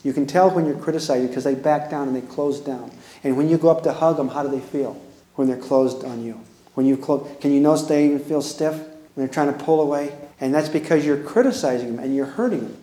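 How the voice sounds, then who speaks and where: A man's voice: a little high, a little fast, warm tone. Earnest man talking in an echoey room. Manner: earnest and pleading, asks the audience direct questions. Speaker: speaker giving a parenting talk. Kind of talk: earnest talk to an audience.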